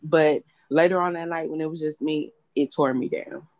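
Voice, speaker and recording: A woman's voice: low-pitched, fairly even intonation, normal speed, a little mellow, no echo. A young woman hosting a casual chat, talking bluntly and candidly and swearing freely. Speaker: host.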